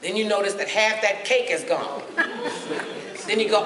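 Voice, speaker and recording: A woman with a medium-pitched voice gives a funny, sassy health talk to a live audience in a large hall, acting out little voices along the way. She's a lively motivational speaker who talks at a normal speed with long pauses. The recording is echoey and noisy, with crowd sounds and a distant mic.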